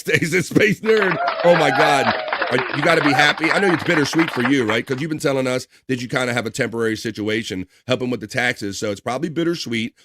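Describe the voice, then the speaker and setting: A man with a middle-pitched voice hosts a casual stream, reading viewer comments aloud with frequent laughs. The recording is dry and close on a streaming mic. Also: fairly bright tone, no echo. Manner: chatty, laughs often, reads chat names aloud. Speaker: livestream talk show host.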